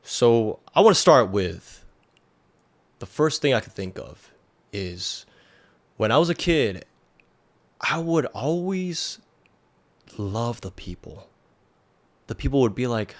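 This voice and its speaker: A man's voice: medium pitch, sing-song, slow, long pauses. Rambling man in his thirties. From United States. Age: 30s. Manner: rambling, lots of "like" and "um". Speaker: podcast host. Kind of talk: casual storytelling.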